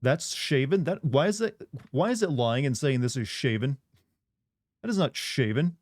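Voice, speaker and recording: A man's voice: medium pitch, animated, normal speed, darkish tone, no echo. A man chatting casually while streaming a game, rambling and answering his chat. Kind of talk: casual let's-play chat.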